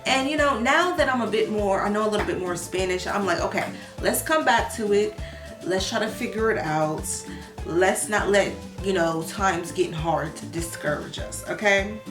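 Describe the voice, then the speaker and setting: A woman's voice: medium pitch, moderate pace. Young woman vlogging, chatty and slangy, roomy echo, faint music under it. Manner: animated, slangy, talks to viewers, bursts of excitement. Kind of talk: casual vlog, practicing Spanish words.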